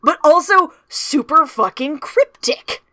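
A fairly high-voiced woman talks through a fantasy book in loose, profane chat. She keeps slipping into quick quoted voices for the characters. The recording is close and dry, with no room sound. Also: animated, bright, forceful tone, no room sound. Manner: swears freely, retells scenes in quick quoted voices. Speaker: podcast co-host. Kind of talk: casual book-club chat.

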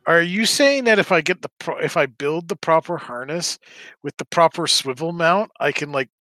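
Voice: mid-range voice, lively intonation, moderate pace, fairly bright tone, no echo, low-quality recording. A tabletop player talking casually and playfully, laughing often. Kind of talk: casual tabletop game chat.

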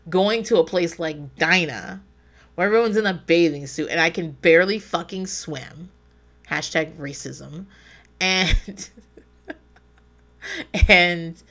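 A woman co-hosting a podcast in casual chat, animated, swearing and laughing often as she acts out her inner voice. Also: lowish voice. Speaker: podcast co-host.

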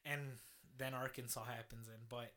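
A man's voice: mid-range voice, fairly even intonation, normal speed, pushed and bright. A man telling a road-trip story in a casual chat, swearing freely and laughing as he goes.

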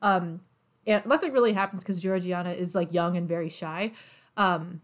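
A young woman in casual chat, retelling a novel's plot with lots of fillers and quick voiced asides for the characters. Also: lowish voice. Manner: chatty, filler-heavy, acts out characters' lines.

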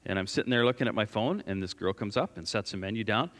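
A man preaching a sermon as a pastor, telling a personal story in an earnest, animated way. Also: fairly low pitch, fast talker. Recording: long hall reverb.

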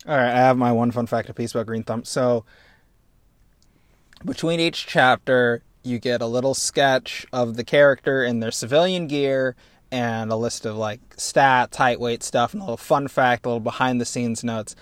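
Dude hosting a podcast, rambly and self-mocking, super dry sound, middle pitch. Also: male voice, moderate pace, no room sound. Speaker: podcast host. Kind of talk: casual comedic chat.

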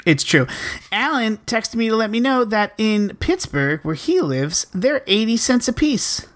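A woman's voice: fairly high pitch, big pitch swings, a little slow. A woman co-hosting a podcast in casual chat, complaining and swearing with sarcastic humor. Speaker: podcast co-host.

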